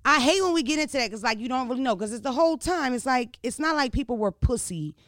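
A man telling a crude, animated comedic story, full of rhetorical asides to his listeners. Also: very high voice, fast, dry recording, studio quality.

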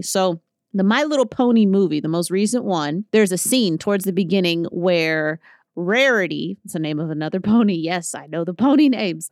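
A woman in her thirties hosting a podcast, telling stories in a casual, animated way and acting out what people said. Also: fairly low pitch, no echo, clean studio sound. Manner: chatty, animated storytelling with acted-out quotes. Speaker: podcast host. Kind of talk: casual solo podcast talk.

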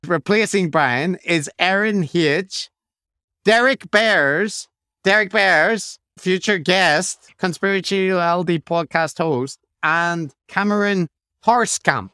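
A man's voice: high voice, slow, sharp tone, clear, resonant tone, dry recording, studio quality. A man co-hosting a podcast in casual chat, reading out listener reviews with wry, joking asides. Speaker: podcast co-host.

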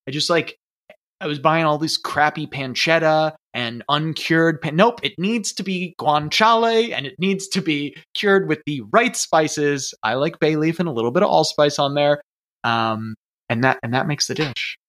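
A man, a guest chef, chatting casually and telling lively stories with acted-out dialogue. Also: on the high side, moderate pace. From United States. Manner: lively storyteller, acts out dialogue. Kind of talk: casual chat.

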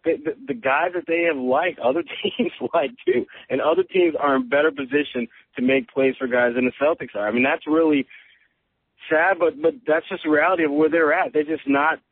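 A man, a guest sports reporter, giving measured, analytical answers on a podcast. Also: on the high side, no room sound. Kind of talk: sports talk podcast interview. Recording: phone line.

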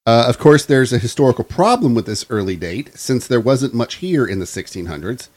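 A young man co-hosting a casual podcast, reading out a local legend in a relaxed way and laughing often. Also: mid-range voice, fairly quick. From Florida. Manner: laid-back, laughs often. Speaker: podcast co-host.

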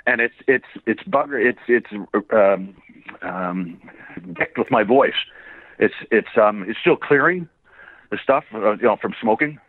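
A man's voice: fairly low pitch, expressive, a little slow, no room sound. A laughing, swearing older man on a tinny phone line. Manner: rambling, laughing, swears freely. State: gets hoarse quickly. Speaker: voice actor interviewee. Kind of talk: casual phone interview.

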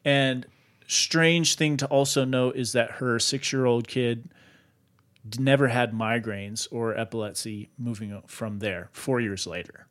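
Male podcast host, conversational storyteller, lively, loose delivery. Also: mid-range voice, measured pace. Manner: animated, lots of "like" fillers. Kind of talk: casual storytelling.

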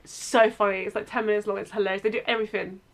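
A woman chatting as a guest on a podcast, animated and quick to laugh as she tells stories. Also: mid-range voice. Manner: animated, laughs often, mimics accents. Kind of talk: casual chat.

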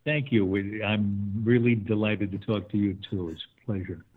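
Older man, low husky voice, phone line. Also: fairly even intonation, normal speed. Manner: thoughtful, chuckling, with restarts. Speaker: guest. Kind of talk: conversational interview.

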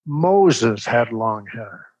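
A man voicing a dignified lawyer father who speaks slowly and formally, like an orator, with a husky tone. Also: medium pitch, lively intonation, a little mellow, no room sound, lo-fi sound, full character voice. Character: dignified lawyer father addressing a school board.

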